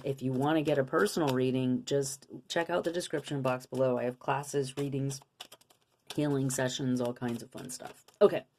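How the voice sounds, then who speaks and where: A woman's voice: very deep voice, a little mellow. A woman giving a casual spiritual card reading to her viewers, earnest and coaching, with many rhetorical questions. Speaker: intuitive card reader.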